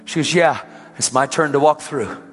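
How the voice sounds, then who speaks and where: A man preaching a sermon, telling a story with lively swings between loud and hushed. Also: on the high side, normal speed, big-room sound, faint music behind.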